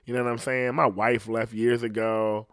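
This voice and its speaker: A man's voice: medium pitch, flat delivery, moderate pace, fairly bright tone, clear, resonant tone, no room sound, clean studio sound. A man with a slight lisp, hosting his own podcast in a casual, rambling solo monologue full of swearing. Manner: profane, rambling rant. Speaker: podcast host.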